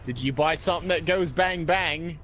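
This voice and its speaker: A man's voice: fairly high pitch, normal speed, fairly bright tone, slight background noise. A man chatting casually while gaming, easygoing and matter-of-fact. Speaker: co-player.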